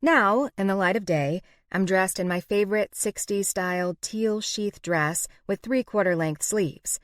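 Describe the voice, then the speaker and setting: A woman narrating a first-person romance audiobook in an expressive, wry way, close to the mic. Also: mid-range voice, a little slow, dry recording.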